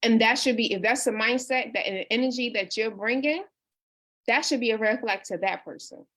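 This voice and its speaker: Earnest woman coach, slightly high voice. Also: brisk, fairly bright tone. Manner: earnest and personal, with many restarts and "you know". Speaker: life coach hosting a book discussion. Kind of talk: casual livestream talk, reading viewer comments.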